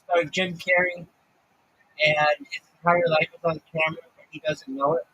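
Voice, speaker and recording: A man's voice: fairly high pitch, flat delivery, moderate pace, pushed and bright, breathy edge, rough recording. A man talking casually on his livestream, ranting and swearing freely. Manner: profane, ranting.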